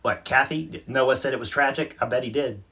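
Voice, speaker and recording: A man hosts a relaxed livestream and reads out viewer comments one by one. His voice is husky and a little breathy. He talks in a chatty, self-mocking way and laughs easily. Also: medium pitch, moderate pace. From North Carolina, USA. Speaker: livestream host. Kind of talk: casual live chat, reading out viewer comments.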